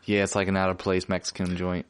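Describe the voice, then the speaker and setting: A man's voice: deep voice, completely flat delivery, quick pace, smooth. A man co-hosting a podcast in laid-back, easygoing casual chat, dropping "dude" often. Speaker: podcast co-host.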